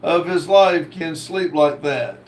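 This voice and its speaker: Slow-talking man reading live chat. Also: fairly high pitch, slight background noise. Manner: slow, drawling, reads comments aloud. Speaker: livestream host reading chat. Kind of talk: casual livestream chat.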